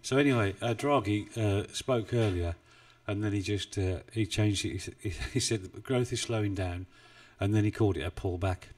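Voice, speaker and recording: A low-voiced man talks casually through a live stream, rambling and self-deprecating as he goes. His desk mic sits a bit too far away, so he sounds distant. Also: normal speed, hardly any pauses. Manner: chatty, rambling, self-deprecating, chuckles often. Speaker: forex trading live streamer. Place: home desk in the UK. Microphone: desk mic, not well placed.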